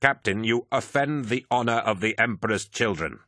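A man's voice: mid-range voice, animated, normal speed, bright, forceful tone, dry recording, studio quality, pitched above the performer's own voice. A man voicing a proud, indignant male equerry who speaks formally.

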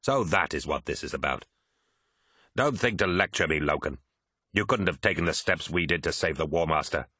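A man voicing an arrogant, contemptuous giant warrior captain in an audiobook, with a husky, tense voice. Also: a bass voice, expressive, moderate pace, pushed and bright, no echo, studio quality, exaggerated voice. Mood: scornful. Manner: scornful and contemptuous.

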